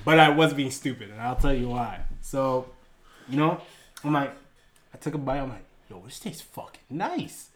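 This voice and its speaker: A man's voice: mid-range voice, normal speed, long pauses, fairly bright tone. A young man hosting a podcast, telling a story in casual, slangy talk. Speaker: podcast host.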